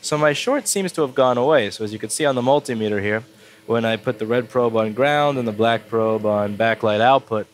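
A man's voice: medium pitch, fairly quick. Blunt, stuffed-up man at a repair bench. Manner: blunt, swears when annoyed. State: stuffed up with a cold. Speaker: repair technician. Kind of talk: casual repair walkthrough. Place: repair workbench.

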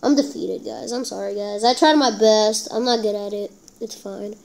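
A woman giving casual gameplay commentary, excitable and self-deprecating, talking straight to her viewers. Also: medium pitch, normal speed, creaky, slight background noise, low-quality recording. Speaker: gameplay channel host.

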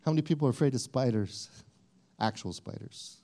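A man's voice: mid-range voice, fairly quick, dark tone, a little hiss or hum. A male pastor preaching a sermon in a conversational way, often repeating and restarting his phrases.

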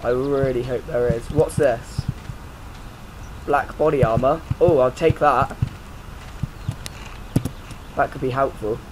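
A man's voice: mid-range voice, fairly even intonation, slow, long pauses, background noise. A man giving let's play commentary, jumpy and prone to swearing, yelping and shrieking when startled. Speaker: gaming YouTuber.

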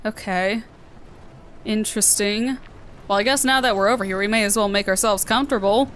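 A woman's voice: medium pitch, a little fast, fairly bright tone, slight background noise. Chatty Southern American woman gamer. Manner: chatty, playful, talking to herself. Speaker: gaming video host. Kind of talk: let's play commentary.

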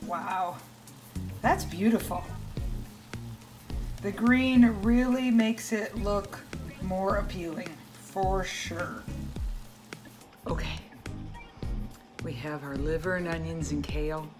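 A woman's voice: lowish voice, slow, pauses often, over music, low-quality recording. A woman hosting a home cooking demonstration in her kitchen, chatting viewers through each step. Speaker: home cooking channel host. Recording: loud sizzling pan noise.

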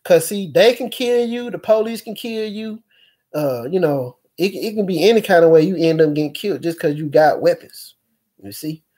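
A man speaking in a rambling personal monologue, with features, halting often with fillers and restarts. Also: on the high side, expressive, mellow. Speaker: speaker recounting experiences.

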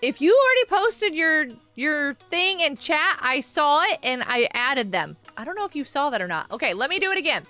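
A woman's voice: sits high, very animated, normal speed, hardly any pauses, bright, forceful tone, soft background music. A woman streaming a game, chatting casually with her viewers, answering chat aloud and laughing often.

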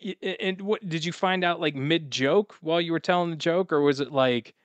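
A man hosts a podcast in a smooth, resonant voice, asking winding questions with many fillers and restarts. The sound is dry and close. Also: fairly high pitch, brisk, no echo. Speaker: podcast host. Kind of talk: interview questions.

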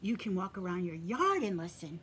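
Gentle teacher reading aloud to children. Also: female voice, lowish voice, big pitch swings, moderate pace, a little hiss or hum. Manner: gentle and encouraging, addresses children directly; drops to a soft whisper for quiet moments. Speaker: preschool teacher. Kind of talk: reading a picture book aloud to young children.

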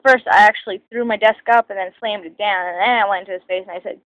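A teenage girl telling a personal story to camera in a halting, rambling way full of ums and restarts, recorded on a phone. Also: medium pitch, steady tone, fairly bright tone, dry recording, lo-fi sound. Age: teens. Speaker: vlogger.

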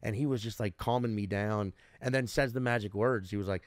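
A lowish-voiced comedian guest in his thirties talks briskly, rambling through stories and swearing constantly in casual interview chat. The recording is dry and studio quality.

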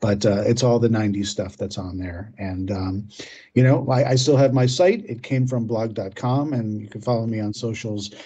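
A man's voice: fairly low pitch, normal speed, mellow, slightly rough. A man, a filmmaker guest in a casual interview chat, talking in a rambling, hesitant way with many fillers and restarts.

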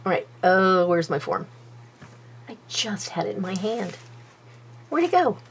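A woman's voice: lowish voice, measured pace, fairly bright tone, a little hiss or hum. A woman chatting casually to herself while she does a paper craft at her table, self-mocking and talkative. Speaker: craft video host.

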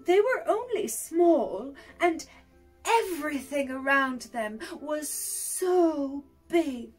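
A woman reading a picture book aloud to young children in a gentle, expressive way. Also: high voice, takes it slowly, soft background music. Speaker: storyteller for pre-school children.

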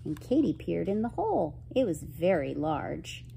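A woman reading a children's picture book aloud, expressive and gentle, asking her listeners questions. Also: fairly low pitch, moderate pace, creaky, slight background noise, poor audio. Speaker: storyteller.

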